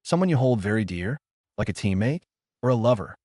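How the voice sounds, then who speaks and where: A man's voice: lowish voice, big pitch swings, fairly quick, mellow, dry recording. Teenage ninja girl, curious, earnest, storybook voice, man doing it, dry sound.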